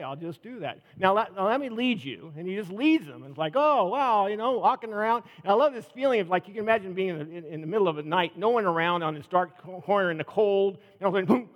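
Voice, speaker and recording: A man preaching a sermon, retelling a Bible story in an animated way, acting out the characters and laughing along. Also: fairly high pitch, big-room sound.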